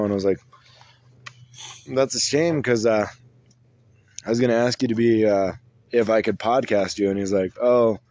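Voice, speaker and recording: A young man co-hosting a casual podcast, telling rambling stories with lots of halting restarts. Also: mid-range voice, mellow, dry recording. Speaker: podcast co-host. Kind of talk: casual chat.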